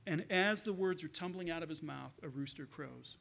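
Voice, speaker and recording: A man's voice: a little high, normal speed, gravelly, fairly bright tone. A pastor preaching a sermon, telling a story in an earnest way and often repeating words as he goes.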